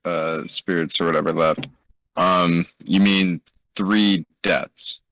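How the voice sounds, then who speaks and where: Deep-voiced man player, relaxed. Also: slow, dry recording, low-quality recording. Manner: relaxed, rambling, hesitant. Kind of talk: casual tabletop game chat.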